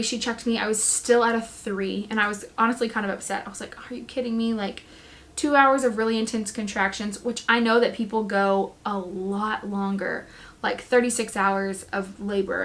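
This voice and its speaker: A young woman talks straight to camera in a relaxed, chatty vlog voice. She tells a personal story with plenty of energy and acts out her own past words. Her pitch sits mid-range for a woman. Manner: chatty, animated, quotes herself often. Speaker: vlogger, new mom.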